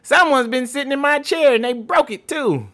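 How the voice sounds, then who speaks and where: A man voicing a whiny little baby bear in a storybook reading, high and strained. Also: moderate pace, pushed and bright.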